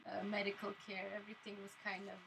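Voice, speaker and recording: Bulgarian-born woman chatting slow and soft on a podcast, noticeable noise behind her. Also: medium pitch, monotone, creaky. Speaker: podcast guest, artist. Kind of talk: casual conversation. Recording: noisy background.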